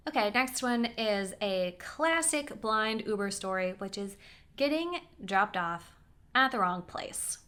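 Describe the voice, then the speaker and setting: A young woman chats straight to camera with a bright, clear voice. She tells personal stories in an animated way. She keeps breaking off for asides and acts out what people said. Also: mid-range voice, takes it slowly. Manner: chatty, animated storytelling with quoted voices and asides. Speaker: vlogger. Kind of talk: casual storytelling.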